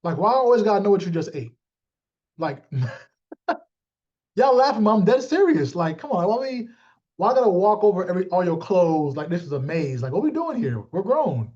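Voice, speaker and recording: A man giving a motivational talk to his team, animated and streetwise, calling out listeners by name. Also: high voice, normal speed, highs cut off. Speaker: team leader.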